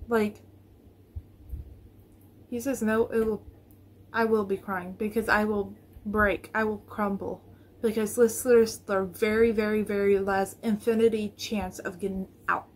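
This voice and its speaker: A woman's voice: mid-range voice, level tone, a little slow, a little mellow. A woman vlogger chatting to viewers in a casual reaction video, nervous and rambling, recorded on her phone.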